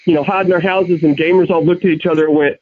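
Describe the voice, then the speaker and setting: A fairly high-voiced man rants and tells stories in casual chat, swearing freely and restarting his sentences often. The sound is thin and phone-like, with a dry, close feel and no room around it. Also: fairly even intonation, fast, no room sound. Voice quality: profane, ranting storyteller. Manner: rambling with many restarts.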